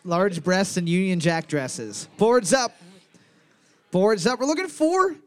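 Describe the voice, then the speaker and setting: A man's voice: high voice, animated, slow. A man hosting a live trivia night for a podcast, reading questions and teasing the players with jokes and frequent laughter. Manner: jokey, teasing, laughs often. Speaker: trivia host.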